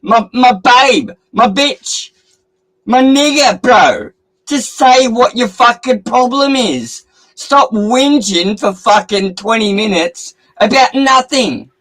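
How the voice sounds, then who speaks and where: A man's voice: very high-pitched, takes it slowly, a bit bright, rough recording. An Australian man arguing crudely and sarcastically as a guest on a heated livestream panel.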